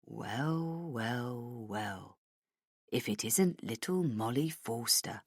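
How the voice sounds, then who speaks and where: A woman voicing a menacing older male police chief who taunts in a low, hushed voice. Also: expressive, very slow, husky, dry recording, studio quality, full character voice. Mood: taunting.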